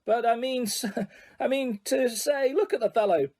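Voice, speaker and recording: A man voicing a boisterous ghost huntsman in an audiobook, loud and hearty. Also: extremely high pitch, normal speed, pitched above the performer's own voice.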